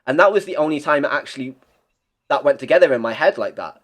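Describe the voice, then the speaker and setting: A man's voice: a little high, lively intonation, fast. Young man, podcast guest; blunt, rambling, casual swearing. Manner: rambling, blunt, swears freely, many restarts. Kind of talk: casual chat.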